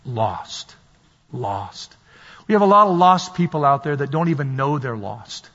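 A man preaches fervently, his voice high and husky as he drives home each point again and again. He acts out the voices of the people in his stories. The sound is dull and lo-fi, with a long reverb trailing through the hall. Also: lively intonation, fairly quick, sharp tone. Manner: impassioned, repetitive preaching, acts out quoted voices. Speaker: pastor. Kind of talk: sermon.

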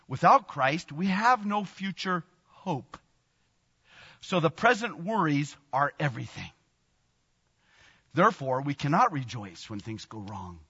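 A man in his sixties preaching a sermon in a church, animated, laughing often and bursting into exclamations. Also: on the high side, slightly rough. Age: 60s. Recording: long reverb, dull lo-fi sound.

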